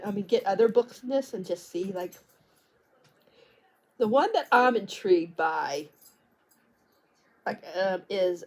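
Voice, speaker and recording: A woman's voice: medium pitch, darkish tone. A woman book vlogger talking in a casual, rambling way, tripping over words and restarting sentences. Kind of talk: casual chat.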